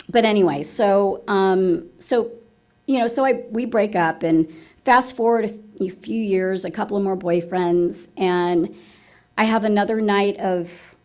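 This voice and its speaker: A woman in mid pitch shares her own recovery story in a candid, confessional way. She talks loosely with restarts, laughs at herself, and keeps turning to the listeners with small rhetorical asides. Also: a little mellow. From United States. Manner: frank, self-mocking storytelling with rhetorical "right?" asides. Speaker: AA speaker sharing her story. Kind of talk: candid personal testimony.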